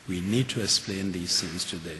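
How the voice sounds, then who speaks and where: An older man speaks in a very low voice, earnest and measured, often restarting his sentences. He is recorded in a large auditorium, so his voice carries a long reverb. A faint hiss sits under it. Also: bright, forceful tone. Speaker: keynote speaker. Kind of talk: lecture and audience Q&A.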